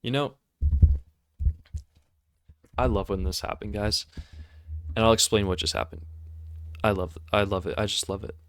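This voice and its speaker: A man giving casual commentary over his trading screen, excitable and quick to mock himself. His voice is smooth and somewhat low, recorded on a close mic with a dry, deadened sound. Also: no echo. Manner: excitable, sarcastic and self-mocking. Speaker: trading video host.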